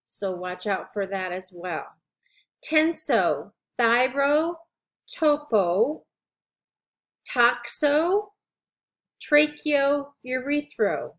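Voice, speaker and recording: Slow, enunciating woman lecturer. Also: a little high, sing-song, fairly bright tone. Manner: slow, deliberate, drawn-out enunciation of terms. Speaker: instructor. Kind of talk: recorded lecture.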